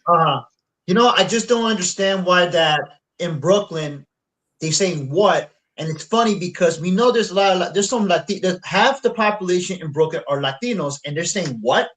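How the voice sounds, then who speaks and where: A man's voice: sits high, expressive, normal speed, fairly bright tone, low-quality recording. A man co-hosting a casual panel chat who rambles, filling his talk with "like" and restarts. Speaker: co-host.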